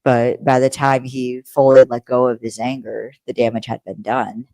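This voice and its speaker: A woman's voice: rumbling low, little pitch movement, moderate pace, darkish tone, dry recording. A woman co-hosting a podcast in casual chat, rambling with lots of fillers and laughing easily. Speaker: podcast co-host.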